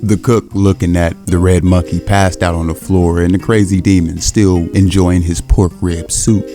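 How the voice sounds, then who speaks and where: A man narrating a comic recap in plain, steady storytelling. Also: deep voice, normal speed. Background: background music.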